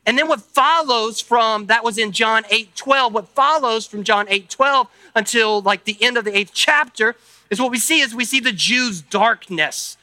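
High, bright-voiced male preacher. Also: normal speed, no room sound. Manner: conversational, thinks aloud with asides and tag questions. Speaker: pastor. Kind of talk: sermon. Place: church service.

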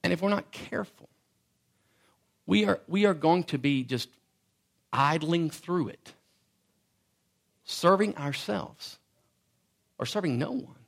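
Male pastor, 30s, gravelly and slightly high, chatty sermon with stumbling restarts. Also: expressive, slow pace, long pauses. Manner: conversational, self-deprecating storytelling with stammered restarts.

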